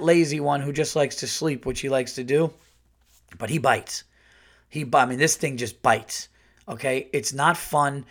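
A man hosting his podcast, telling a comic story in an animated, profane, rambling way full of restarts. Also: mid-range voice. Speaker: podcast host, comedian.

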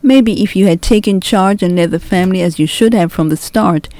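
A woman reading the part of a strict mother in a read-aloud novel, firm and scolding, voice mellow and soft at the edges. The recording is dry and close, with no room sound. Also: mid-range voice, fairly quick, no echo, natural voice. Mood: worried, defensive. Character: stern, sharp-tongued middle-aged mother. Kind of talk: storybook reading.

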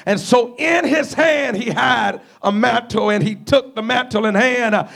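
High, gravelly-voiced man preaching. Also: unhurried, fairly bright tone. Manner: acts out biblical dialogue in storytelling preaching. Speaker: guest preacher. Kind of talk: sermon. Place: church before a congregation.

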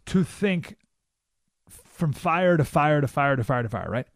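A man hosting a talk radio show, delivering an animated monologue and acting out quoted voices with sudden jumps in pitch. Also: moderate pace, dry recording, studio quality.

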